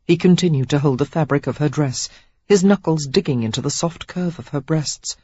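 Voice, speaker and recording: A woman narrating a romance audiobook in an expressive, steady storytelling manner. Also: sits low, moderate pace, husky, no echo, highs cut off. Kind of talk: scripted narration.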